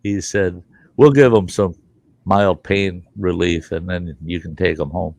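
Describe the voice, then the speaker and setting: A low, gravelly male voice with a twang tells a long personal story in a loose, profane way and laughs in the middle of his sentences. His pitch swings up and down a lot as he gets into the tale. The sound is dry and close, with no room around it. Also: big pitch swings, moderate pace, no room sound. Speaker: podcast host. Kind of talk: casual storytelling chat.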